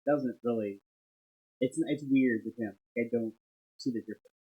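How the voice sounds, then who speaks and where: A man co-hosting a casual podcast chat, excitable and animated as he tells stories. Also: mid-range voice, normal speed, slightly rough, highs cut off. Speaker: podcast co-host.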